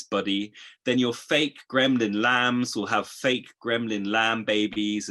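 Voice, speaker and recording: A man reading his poems aloud, expressive in the verse and hesitant and chatty between poems. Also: medium pitch. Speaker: poet. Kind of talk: poetry reading.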